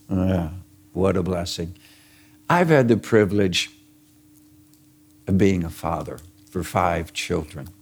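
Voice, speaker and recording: A man's voice: medium pitch, vocal fry, a little mellow. An older man, a grandfather, preaching a sermon, telling stories and asking the congregation questions with frequent chuckles. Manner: storytelling, asks the congregation questions, chuckles often. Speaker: pastor.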